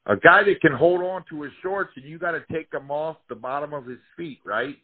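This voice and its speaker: Profane storyteller over a tinny line. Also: male voice, a little high, fairly quick, hardly any pauses, husky. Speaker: former fighter telling career stories. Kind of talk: casual storytelling interview.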